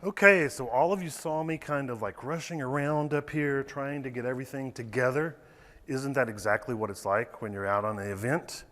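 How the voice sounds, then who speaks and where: A man presents floral design on stage in a large ballroom, talking to the crowd in a relaxed way while stressing his key points. His voice sits in the middle range and carries a long hall reverb. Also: mid-range voice, moderate pace. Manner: conversational, emphatic lecturing.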